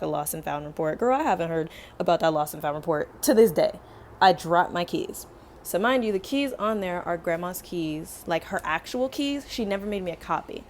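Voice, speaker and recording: Young woman spilling a storytime, gravelly edge, talks to the camera like a friend. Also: fairly low pitch, slight background noise. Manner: animated storytelling, acts out both sides of dialogue. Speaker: beauty vlogger. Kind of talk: casual storytime while doing hair.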